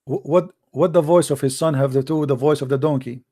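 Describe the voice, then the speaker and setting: A man's voice: a little high, steady tone, fast talker, warm tone. A man hosting a live call-in religious debate, talking in a mocking, taunting way. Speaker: call-in show host.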